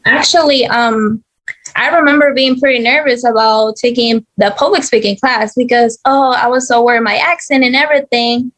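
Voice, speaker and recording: A woman hosting a podcast who speaks in a soft, hesitant way with frequent fillers. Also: a little high, steady tone, normal speed. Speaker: podcast host. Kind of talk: casual interview chat.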